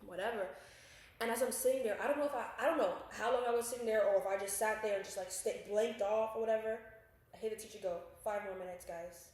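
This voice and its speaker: Echoey, animated young woman telling a story. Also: fairly high pitch, fast talker. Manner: animated, swears a lot, acts out quotes. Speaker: podcast co-host. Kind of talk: casual storytelling chat. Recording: very echoey room.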